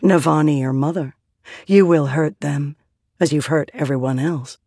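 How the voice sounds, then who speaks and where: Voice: mid-range voice, moderate pace, mellow, dry recording, clean studio sound, natural voice. A narrator voicing a cold shadow double. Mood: menacing. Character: shadowy dark double of a woman, cold and menacing.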